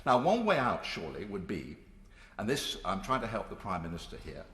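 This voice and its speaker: An older man in his sixties delivers a parliamentary speech, emphatic and rhetorical with a dry, sarcastic edge. His pitch swings widely as he presses each point. The voice rings through a large chamber with a long, echoing reverb. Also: huge pitch swings, a little fast, a bit bright. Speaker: member of parliament.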